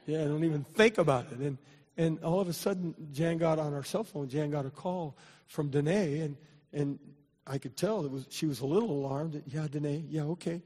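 Older preacher in a reverberant hall. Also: male voice, fairly high pitch, normal speed, breathy edge. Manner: repetitive restarts, building to loud preaching. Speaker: pastor. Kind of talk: sermon storytelling.

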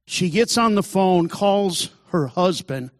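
A man's voice: high voice, expressive, slow, studio quality. Man giving a testimony in a hall. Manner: earnest storytelling, acts out quoted voices. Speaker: testimony speaker. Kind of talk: sermon-style personal testimony.

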